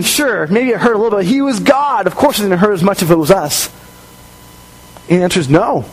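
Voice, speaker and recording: High-voiced man preaching a lively sermon. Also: rough recording. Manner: conversational, animated preaching with acted-out quotes. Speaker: pastor.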